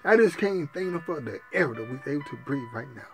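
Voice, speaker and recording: Over soft background music, a male preacher in a sermon prays with fervor, crying out to Jesus repeatedly and addressing the congregation as sisters and brothers. He sounds animated and brisk, with a somewhat high voice and a fairly bright tone.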